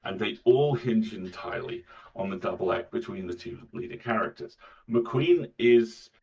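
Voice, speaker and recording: A man with a low voice recounts things eagerly, stumbling and restarting. His voice comes through dull and a little far from the mic. It sounds like remote call audio. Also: expressive, creaky, a little mellow. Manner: enthusiastic storyteller, halting restarts. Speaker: voice actor guest. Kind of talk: casual interview chat.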